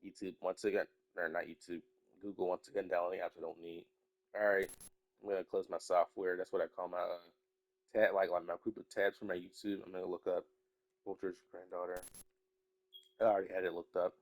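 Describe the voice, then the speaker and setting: A young man with a lowish voice rambles on in a loose, casual chat, swearing freely and sometimes sinking into a mumble. He sounds a little sick, with a stuffy nose. The recording is dry, with no room sound. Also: level tone, brisk, dry recording. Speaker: YouTuber.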